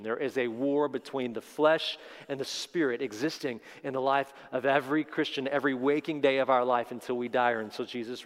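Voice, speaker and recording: A man preaching a sermon as pastor, building fervor and acting out the prayers he quotes. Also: medium pitch. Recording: long hall reverb.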